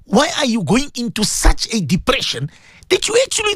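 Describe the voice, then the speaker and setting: A man, hosting a radio talk show and retelling a story in an animated, repetitive way. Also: extremely high pitch, moderate pace, breathy edge, no echo, clean studio sound. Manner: animated storyteller, repeats words and restarts.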